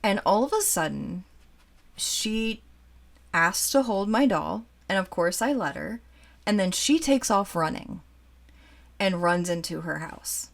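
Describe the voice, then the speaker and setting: A woman in her forties who collects dolls, telling a childhood story in a chatty, animated way while showing a doll to the camera. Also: mid-range voice, slow, creaky, long pauses. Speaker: doll collector and channel host. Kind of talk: casual storytime chat.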